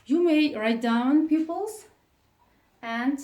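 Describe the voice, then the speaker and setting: A woman who speaks Uzbek natively teaches an English grammar lesson in a classroom with an Uzbek accent. She talks haltingly with many fillers and stresses each example word. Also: high voice, darkish tone. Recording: echoey room, voice from a distance.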